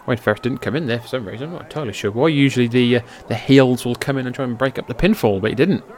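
Excitable man calling wrestling. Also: very fast. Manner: swings from low, offhand calling to loud, high-pitched shouting outbursts, swearing. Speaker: wrestling commentator. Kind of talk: amateur play-by-play commentary over old footage. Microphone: personal microphone.

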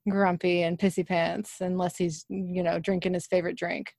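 A woman's voice: lowish voice, level tone, moderate pace, creaky, a little mellow, dry recording, studio quality. A woman co-hosting a podcast who chats casually and reads scene lines aloud with small laughs while recapping an episode. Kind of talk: casual chat and plot recap.

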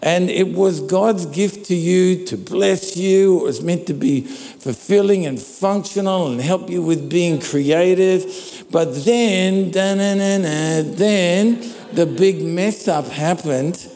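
A man preaching a sermon in a church, speaking into a microphone in a relaxed, conversational way and often checking in with his listeners. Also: high voice, slow. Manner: conversational, checks in with "all right?". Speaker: pastor. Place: church hall. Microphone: handheld or stand microphone. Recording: long reverb of a large hall.

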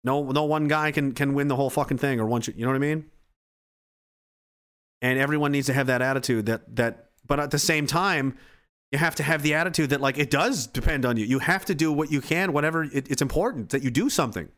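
A man talks in a loose, rambling monologue, swearing freely and breaking off mid-sentence to start again. His voice sits at an ordinary middle pitch for a man. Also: brisk, fairly bright tone. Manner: profane, rambling, self-interrupting.

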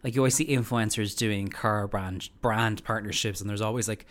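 A woman's voice: a bass voice, steady tone, moderate pace. A woman hosting a casual chat, giggly and full of filler words. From Ireland. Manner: chatty, giggly, lots of likes. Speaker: podcast host.

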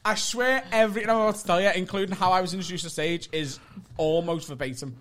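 A man, a guest comedian telling a comic story in an animated way, often asking "right?" and acting out what people said. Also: sits high, fast talker. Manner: animated, keeps asking "right?", acts out quotes.

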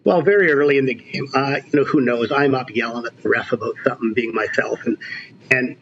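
A man in his sixties, a veteran basketball coach, telling stories in an animated, emphatic way during a casual interview. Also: mid-range voice, fairly quick, lo-fi sound, slight background noise. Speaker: basketball coach, podcast guest.

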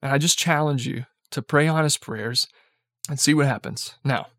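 A man's voice: mid-range voice, normal speed, fairly bright tone, dry recording, clean studio sound. A young man giving a casual sermon, talking conversationally with lots of "like" and "right?" and light chuckles. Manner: chuckles lightly while speaking. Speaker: preacher.

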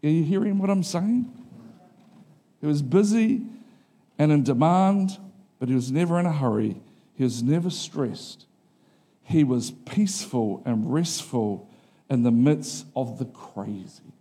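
There's a breathy edge to the voice of this middle-aged male pastor, who speaks unhurriedly and leaves long pauses. His sermon is relaxed and conversational, he regularly checks that the congregation is keeping up, and he dramatizes quotes in a higher, animated tone.

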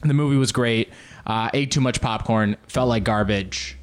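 A man telling casual, rambling stories on his own show, often jumping into loud comic impressions. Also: medium pitch, moderate pace. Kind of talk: casual solo storytelling.

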